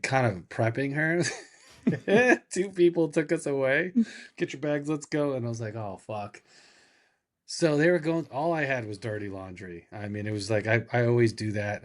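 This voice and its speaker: A man guest telling a casual anecdote, acting out the dialogue as he goes. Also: lowish voice. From California, USA. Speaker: podcast guest. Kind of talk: casual storytelling.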